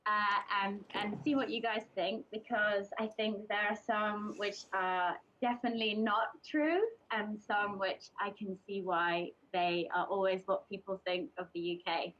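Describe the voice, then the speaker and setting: A woman's voice: medium pitch, flat delivery, measured pace, hardly any pauses, fairly bright tone, slight background noise. A young woman from England giving a casual, chatty presentation to a group, hesitating often with ums and restarts. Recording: dull lo-fi recording.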